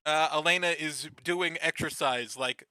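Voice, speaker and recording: A man's voice: a little high, pushed and bright, smooth, no room sound. A man co-hosting a podcast, chatting casually as he recaps a TV episode, laughing often and swearing. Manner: laughs often, swears, acts out lines in quick bursts. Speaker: podcast co-host.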